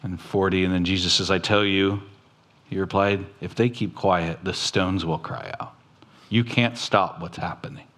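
A man's voice: fairly even intonation, a bit bright. A man preaching a sermon as a pastor, quoting scripture and talking plainly to the congregation, his voice rising at times. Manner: preaching slowly, quoting scripture, with sudden rises in pitch.

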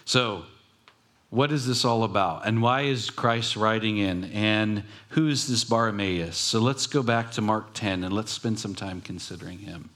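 A man's voice: lowish voice, unhurried, a bit bright. A man preaching a sermon in a conversational, storytelling way, acting out quoted voices and adding self-correcting asides. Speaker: pastor.

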